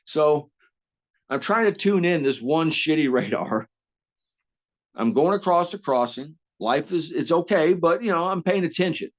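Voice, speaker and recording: A man's voice: a little high, animated, a little slow, lo-fi sound. A man telling stories casually as an interview guest, rambling with frequent restarts and coarse language. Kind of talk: casual storytelling.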